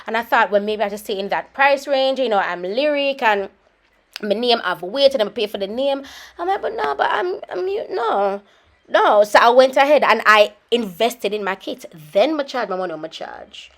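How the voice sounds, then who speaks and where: A woman's voice: on the high side, normal speed. Chatty Jamaican woman makeup artist. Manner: chatty, slips between standard English and patois; scolds her children mid-talk. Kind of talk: casual vlog chat. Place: home with children around.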